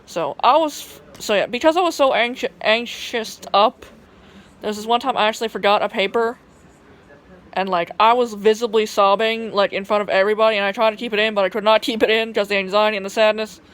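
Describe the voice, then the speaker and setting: A woman's voice: mid-range voice, a little fast. A young woman with a Southern twang vlogs into her phone camera in a casual storytelling voice. Her talk rambles, full of cursing, "like" fillers and restarts. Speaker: vlogger.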